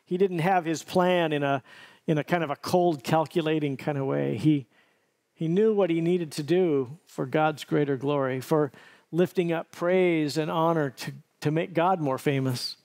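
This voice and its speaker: A man's voice: on the high side, normal speed, a little mellow. A middle-aged man preaching a sermon, telling a story vividly and earnestly, often restarting his phrases. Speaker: pastor.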